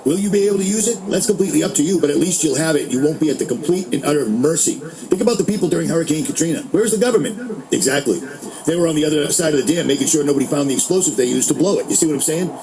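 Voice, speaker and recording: Fired-up man ranting fast. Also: a little high, animated, crowd noise, low-quality recording. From Boston. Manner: heated, indignant, emphatic. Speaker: podcast host. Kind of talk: angry political rant.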